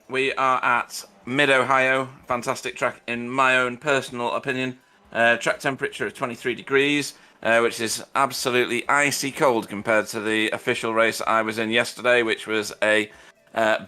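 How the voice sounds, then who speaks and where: A man's voice: mid-range voice, steady tone, moderate pace, sharp tone, smooth. A man doing live sim racing commentary, chatty, with dry self-deprecating humor.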